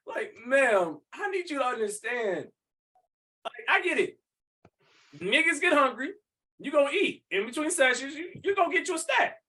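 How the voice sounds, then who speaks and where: A man's voice: very high-pitched, pushed and bright, recorded from a distance. A man co-hosting a podcast, talking in loose, crude slang and laughing often as he riffs. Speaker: podcast co-host. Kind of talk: casual podcast banter.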